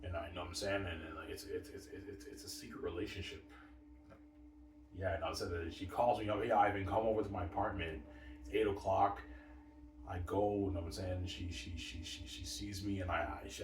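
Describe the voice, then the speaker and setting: A man's voice: low-pitched, noisy background. A man talking in a repetitive, profane, rambling monologue. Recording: echoey room, mic far off.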